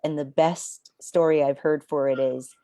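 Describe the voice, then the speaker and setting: A woman coach as an interview guest, speaking in a calm, thoughtful, unhurried way. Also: sits low, no room sound, clean studio sound. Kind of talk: casual conversational interview.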